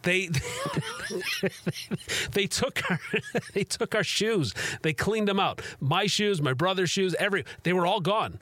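A man from Chicago hosting a sports radio show, telling stories in an animated, laughing way. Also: high voice, unhurried, no echo. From Chicago, USA. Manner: animated storyteller, laughs easily. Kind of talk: casual radio chat.

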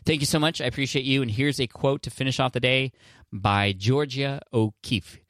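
This podcast host, a man in his thirties, answers listener questions in a brisk, mid-range voice. The studio-quality recording has no room sound, and his earnest solo talk rambles casually, with lots of fillers and restarts.

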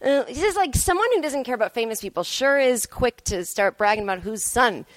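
A woman comedian hosts her podcast alone, spinning a rambling, sarcastic, self-mocking story as a solo monologue. Her voice is a little high and animated, the pace a little fast, recorded on a podcast mic with no room sound.

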